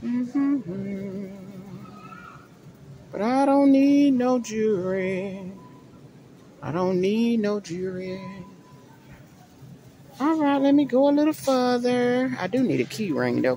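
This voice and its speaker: A woman's voice: mid-range voice, animated, a little slow, gravelly, mellow, slight background noise, poor audio. A middle-aged woman chatting to her viewers as she browses a large store, thinking aloud about what to buy. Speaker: vlogger. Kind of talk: casual shopping vlog talk to viewers. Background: store ambience.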